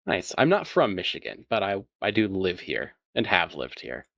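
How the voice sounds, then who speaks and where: Low-voiced man co-player, animated pitch, dry close mic, playful chat. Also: moderate pace, gravelly, no echo. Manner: relaxed, playful, laughs loudly. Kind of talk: casual chat while gaming.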